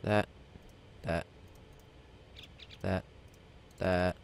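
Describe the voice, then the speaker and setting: A man's voice: low voice, level tone, drawn-out words, gravelly, a little hiss or hum. A man giving casual gameplay commentary, rambling and self-mocking as he talks himself through crafting. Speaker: let's play gamer.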